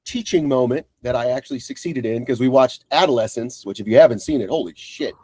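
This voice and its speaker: Podcast dude telling stories, swears a lot, dry sound. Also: male voice, mid-range voice, fast talker, husky, dry recording. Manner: animated storyteller, swears freely. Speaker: podcast co-host. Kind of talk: casual chat.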